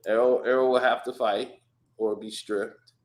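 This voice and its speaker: A man's voice: mid-range voice, steady tone, moderate pace. A man in casual podcast chat, telling stories animatedly, acting out quotes and laughing often. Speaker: podcast guest.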